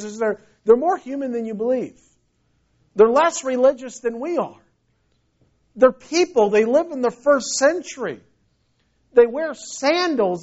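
A man preaching a sermon in a conversational storytelling way, often restarting his phrases. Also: very high-pitched. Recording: dull lo-fi recording.

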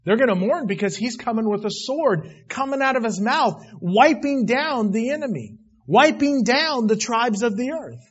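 A man preaching a sermon, swinging between loud emphatic declarations and quiet asides. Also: extremely high pitch, big pitch swings, normal speed, hardly any pauses, slightly rough, highs cut off. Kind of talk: sermon on Revelation.

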